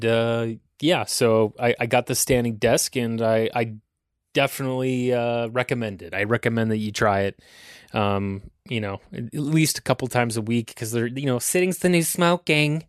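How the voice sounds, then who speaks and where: A man's voice: medium pitch, steady tone, a little slow, clean tone, no echo, studio quality. A man in his thirties hosting a podcast, ranting in a rambling, profane and self-deprecating way. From Canada. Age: 30s. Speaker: podcast host. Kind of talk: casual solo podcast rant.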